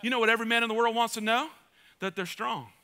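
Bright high-voiced preaching man. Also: steady tone, quick pace, smooth. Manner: passionate preaching, swinging between loud urging and soft asides; repeats phrases for emphasis. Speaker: pastor. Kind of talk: sermon.

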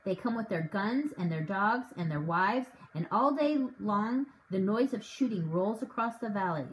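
A woman reading the part of a father who dreams up a daring scheme and grows excited as he explains it. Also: medium pitch, normal speed, slight background noise, close to an everyday voice, low-quality recording. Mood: explaining. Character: warm scheming father with a broken leg.

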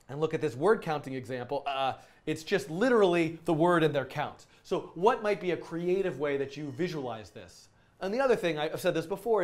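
A man teaching a casual programming video lesson, enthusiastic and rambling, with frequent fillers and restarts. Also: fairly high pitch. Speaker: coding instructor.

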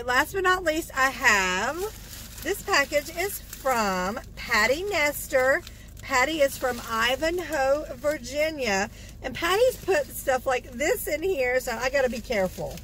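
A woman with a high, bright voice talks slowly and warmly from inside a parked car. She gushes, drawing out her thanks, and a faint hum of noise sits under her voice. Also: poor audio. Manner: gushing, effusive, repeats thanks. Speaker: vlogger opening fan mail. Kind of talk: casual chat.

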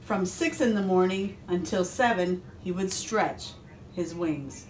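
A woman police officer reads a picture book aloud to young children, slow and steady. She leans into the story with lively, expressive delivery and chatty asides. A faint hiss runs under the recording. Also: on the low side.

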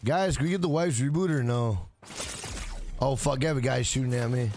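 A man's voice: mid-range voice, brisk, darkish tone, a little hiss or hum. A man live-streaming a video game, swearing often and greeting viewers in chat by name. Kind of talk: live gaming stream commentary.

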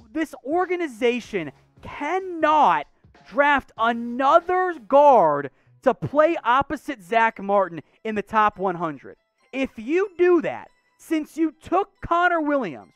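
A sports show host answering viewer questions in casual mailbag commentary, blunt, opinionated and sarcastic, ranting in rapid bursts. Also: sits high, dry recording. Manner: animated, rapid-fire ranting with restarts.

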